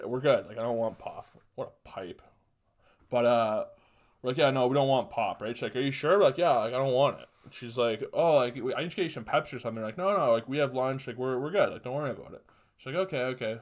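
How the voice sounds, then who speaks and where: A young man talks through a solo podcast story in loose, off-the-cuff chat. He swears constantly, trails off into asides and works himself up into loud, heated rants. His pitch sits right in the middle for a man. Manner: profane, rambling, gets loud and heated when ranting. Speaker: podcast host.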